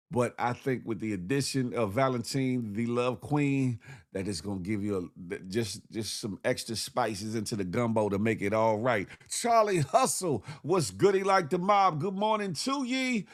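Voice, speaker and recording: A man with a medium-pitched voice hosts a morning show, delivering comedic news commentary in an animated, slangy way and repeating himself as he jokes.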